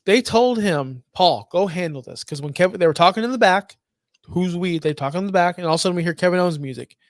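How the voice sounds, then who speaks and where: A man's voice: high-pitched, fast talker, dry recording, clean studio sound. A man co-hosting a casual podcast, enthusiastic and easygoing. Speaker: podcast co-host.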